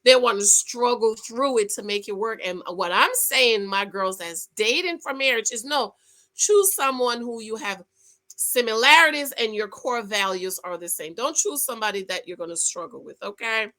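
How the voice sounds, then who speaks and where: A woman giving a sassy, animated recap of a reality TV episode, talking straight to her viewers. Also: fairly high pitch, moderate pace. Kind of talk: casual recap commentary.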